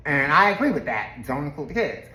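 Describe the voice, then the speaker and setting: A woman's voice: deep voice, big pitch swings, brisk, pushed and bright. Chatty woman recapping reality TV. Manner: chatty and laughing, often slips into quoted voices. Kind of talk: casual gossipy episode recap. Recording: roomy echo.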